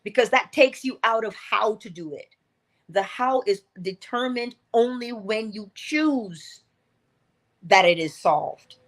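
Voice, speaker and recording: A woman's voice: medium pitch, expressive, slow pace. Earnest woman coaching her listeners. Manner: earnest, coaching, repeats key phrases. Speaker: inspirational speaker. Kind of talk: motivational livestream talk.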